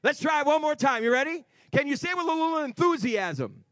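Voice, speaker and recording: Male preacher, high and animated pitch, emphatic sermon with shouted peaks and soft asides. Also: fairly quick, no echo, studio quality. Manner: emphatic, swings between shouting and quiet asides. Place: church before a congregation.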